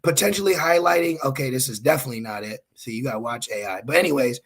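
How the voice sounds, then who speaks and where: A man's voice: medium pitch, fast, fairly bright tone, slightly rough. A man preaching scripture online, scolding his listeners with blunt, profane asides and reading Bible verses aloud between his remarks.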